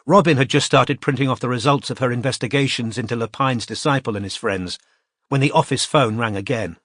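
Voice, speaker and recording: A man reading a detective novel aloud as audiobook narrator, in a measured storytelling manner. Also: mid-range voice, fairly bright tone, no echo. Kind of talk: scripted narration.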